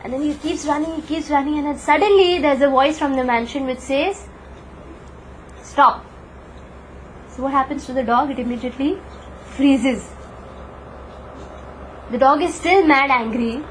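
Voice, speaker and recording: A woman's voice: sits high, normal speed, a little hiss or hum, poor audio. A woman teaching a devotional scripture class, telling stories and asking the class questions. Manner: storytelling, asks the class questions.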